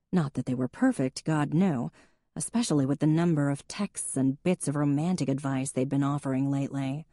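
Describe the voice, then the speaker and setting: A woman reading an audiobook in a steady, measured narration. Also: deep voice, no echo, studio quality. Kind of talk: scripted narration.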